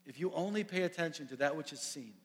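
A man preaching a sermon, animated and storytelling, acting out the characters. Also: a little high, fast talker. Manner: animated storytelling, acts out voices. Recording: echoey hall.

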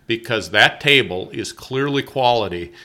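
Male podcast co-host, bright forceful tone, jokey and profane, casual banter. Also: mid-range voice, animated, normal speed. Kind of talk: casual chat.

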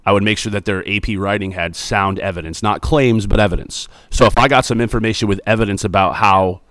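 A man's voice: fairly low pitch, a little fast, fairly bright tone, dry recording. A man in his thirties, a school principal, answering student questions in a chatty, upbeat, joking way. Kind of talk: casual interview answers.

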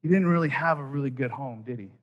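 A man in his thirties preaching a sermon, telling a story with quoted voices and dropping soft at key points. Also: medium pitch, quick pace, muffled recording. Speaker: pastor.

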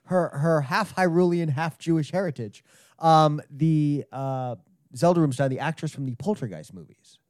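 A man's voice: on the high side, moderate pace, darkish tone, no room sound, clean studio sound. A man in casual comedic chat, joking around and slipping into silly voices.

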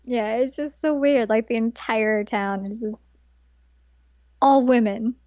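Female co-host, high voice, dry, slightly muffled mic, wry jokes. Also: slow pace, mellow, no echo. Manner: wry, joking asides. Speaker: podcast co-host. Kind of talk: casual chat recapping an anime episode.

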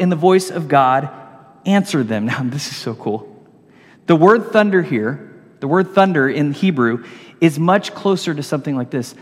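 High-voiced male pastor, animated storyteller, in a church with a long hall echo. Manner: animated storytelling, swinging between loud and hushed. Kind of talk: sermon.

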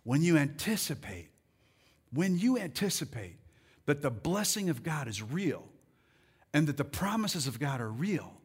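A man with a high voice preaching to his congregation. He builds from steady teaching into loud, rousing calls that swell up. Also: a little slow, breathy edge. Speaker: pastor. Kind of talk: sermon.

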